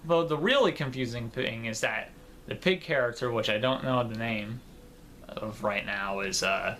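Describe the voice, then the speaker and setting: A man's voice: medium pitch, normal speed, a bit bright, slight background noise. A man giving casual commentary in a gaming vlog, rambling and informal with fillers and some swearing. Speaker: gaming video creator.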